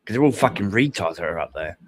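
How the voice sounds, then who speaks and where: Man, lowish voice, hesitant, full of fillers and swearing, live stream chat. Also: expressive, quick pace, slight background noise.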